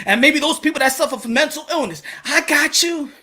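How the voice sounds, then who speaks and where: A man hosting a boxing channel, giving an impassioned to-camera monologue in blunt street slang, fervent and preachy, often breaking into shouts. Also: extremely high pitch, fairly quick.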